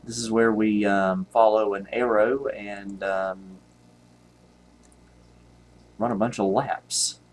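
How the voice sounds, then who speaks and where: A man's voice: fairly low pitch, fairly even intonation, takes it slowly, pauses often. A man, rambling and joking at himself with many ums while commenting on gameplay. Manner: rambling, self-mocking, many ums and laughs. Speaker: retro computer video host.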